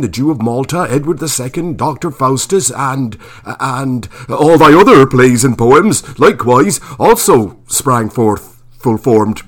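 A man voicing a shy young male actor from the countryside, with a rural English accent, who gushes and stammers. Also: medium pitch. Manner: gushing, stammering, halting.

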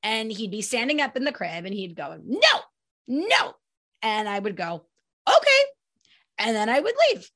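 Chatty woman with a gravelly edge. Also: mid-range voice, fairly quick, few pauses. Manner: chatty, animated, acts out her toddler's voice. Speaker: podcast host, child sleep consultant. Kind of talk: casual solo podcast advice.

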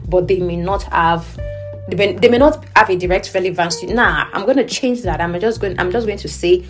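A woman teaching essay writing who thinks aloud as she edits her practice essay and keeps checking in with her learners. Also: fairly low pitch.

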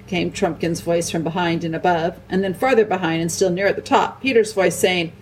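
Woman calmly narrating a storybook. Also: lowish voice, fairly quick, hardly any pauses, distant mic, a little hiss or hum, rough recording. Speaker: audiobook reader.

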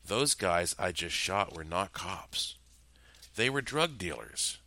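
A calm, menacing killer with a fatherly ease, as a man voices him, his low voice slow and unhurried. The tone is bright and forceful, and the sound is close and dry. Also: no room sound, heavily acted.

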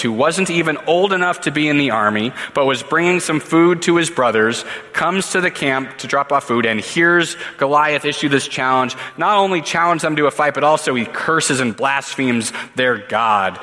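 Preacher, male, bright and forceful tone, casual storyteller with asides; big reverberant room. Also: mid-range voice, normal speed. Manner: lively, casual retelling with asides. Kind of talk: sermon storytelling.

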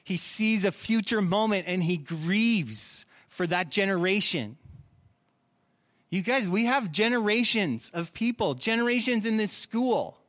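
A middle-aged pastor with a high voice, preaching to his church. He asks the congregation question after question in an earnest, searching way. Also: a bit bright. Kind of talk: sermon.

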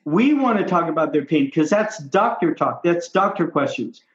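A doctor coaching on how to talk with patients, a man with a slightly high voice who makes his points with emphatic repetition. The sound is roomy and a little dull. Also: animated, moderate pace.

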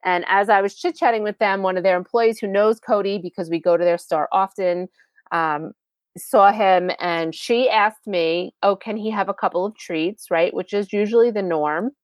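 A woman's voice: medium pitch, fairly even intonation, moderate pace, dry recording. A woman hosting a podcast, telling a personal story in a chatty, conversational way with asides to the listener. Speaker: podcast host.

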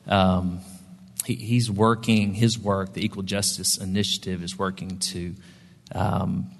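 A man's voice: low-pitched, little pitch movement, measured pace, gravelly, big-room sound. A man preaching a sermon, telling a story in a conversational way with frequent ums and restarts. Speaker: pastor.

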